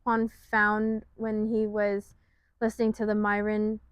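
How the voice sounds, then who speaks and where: A woman co-hosts a casual faith podcast, speaking slowly and softly in an affirming tone. Her fairly high voice stays flat, and the sound is dry. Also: clean tone, no echo, highs cut off. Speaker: podcast co-host.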